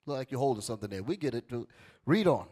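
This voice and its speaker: A man preaches a fiery street sermon, ordering a reader to read scripture verses and then expounding on them. His quick, breathy voice has lively intonation, swinging from low and quiet to loud and high.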